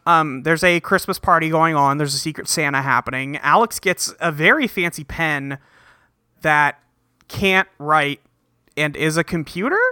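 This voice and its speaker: A man's voice: fairly high pitch, normal speed, sharp tone, smooth, no room sound, studio quality. A man hosting a casual podcast, recapping a cartoon episode in a laid-back way with lots of fillers. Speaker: podcast host.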